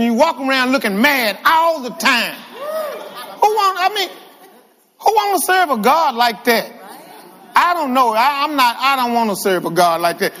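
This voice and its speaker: Man, lively humorous sermon, high voice, long hall reverb. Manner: animated, humorous, calls out to the congregation. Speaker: guest preacher. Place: church sanctuary with reverb.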